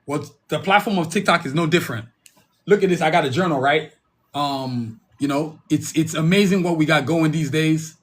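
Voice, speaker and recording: Bright-voiced man rambling to his audience. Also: on the high side, normal speed. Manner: rambling, repeats himself, calls the audience "y'all". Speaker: podcast host. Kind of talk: casual solo podcast talk.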